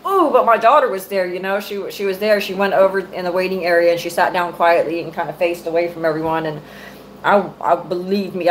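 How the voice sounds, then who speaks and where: An angry middle-aged mother swears freely while venting to her live-stream audience, speaking right into her phone mic. Her voice runs on the low side, and the rough recording has a little hiss or hum.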